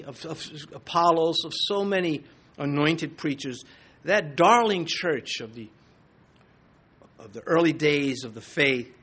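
A man with a high-pitched voice preaches a sermon from a church sanctuary. He quotes scripture with forceful, building intensity, pressing his points hard before easing back into plain talk. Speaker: pastor.

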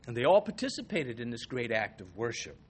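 A man preaching an expository sermon, animated, swinging between soft asides and loud emphasis. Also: mid-range voice, fairly quick, breathy edge. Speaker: pastor.

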